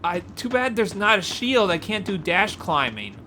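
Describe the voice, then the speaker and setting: A woman gives excited gameplay commentary, often gasping and exclaiming as she explores. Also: medium pitch, moderate pace, slight background noise. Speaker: gameplay video creator.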